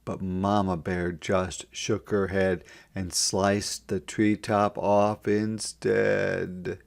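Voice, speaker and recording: Slow gravelly man reading a story aloud. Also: low voice, flat delivery. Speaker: storybook reader. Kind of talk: children's read-aloud narration.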